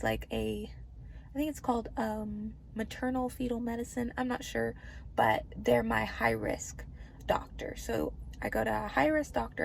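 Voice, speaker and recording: A woman vlogging from a hospital room as a pregnancy vlogger, chatting to camera in a bubbly, gushing, excitable way. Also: fairly high pitch, creaky, a little hiss or hum. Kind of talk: casual chat to camera.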